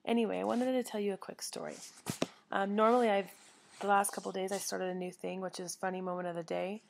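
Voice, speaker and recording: A middle-aged woman chats to camera from her living room, telling a story in an earnest, unscripted way. Her voice has a gravelly, creaky edge and sits at an ordinary middle pitch. She often stops to correct herself mid-sentence. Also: level tone, fast talker, a little mellow. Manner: chatty, earnest, with self-corrections. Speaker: vlogger. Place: home living room by a fireplace.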